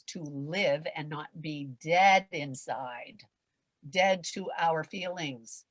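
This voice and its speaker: An older woman and veteran performer giving an animated motivational talk on a video call, swinging from loud calls to hushed asides. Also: fairly low pitch, takes it slowly, no room sound. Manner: theatrical, acts out quoted voices, swings from loud to hushed. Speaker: guest performer and coach.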